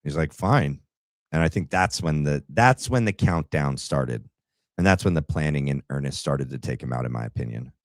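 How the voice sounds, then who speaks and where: A man's voice: rumbling low, lively intonation, moderate pace, no echo, clean studio sound. A man hosting a political commentary livestream, talking to his chat with rambling asides. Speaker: livestream host.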